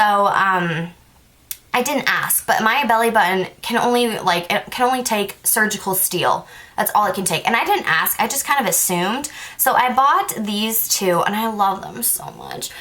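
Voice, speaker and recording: A woman's voice: mid-range voice, fairly bright tone. A young woman vlogger telling a story in a casual monologue, filling it with "like" and acting out both sides of the conversations. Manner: chatty, says "like" a lot, acts out both sides of conversations.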